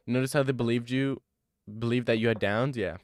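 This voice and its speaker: A man's voice: medium pitch, fairly even intonation, fairly quick, a little hiss or hum. A young adult man streaming live, chatting casually and answering his viewers' questions in a laid-back, rambling way. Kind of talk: casual chat reading live chat.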